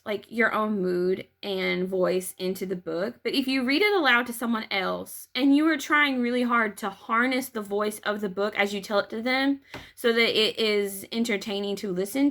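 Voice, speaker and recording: A woman's voice: a little high, a bit bright. A woman giving writing and editing advice in a chatty, opinionated way, with many fillers. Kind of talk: casual video lesson.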